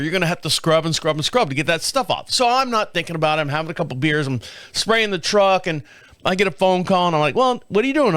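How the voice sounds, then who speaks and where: A man's voice: high-pitched, sharp tone, clear, resonant tone, dry recording. A middle-aged man hosting a podcast, telling a long story in a profane, rambling, casual way and acting out parts with laughs and sound effects. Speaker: podcast host.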